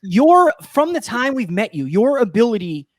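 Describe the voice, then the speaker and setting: A man's voice: very high-pitched, sing-song, normal speed, dry recording, studio quality. A man co-hosting an interview, asking loose, probing questions in a casual way. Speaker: podcast co-host.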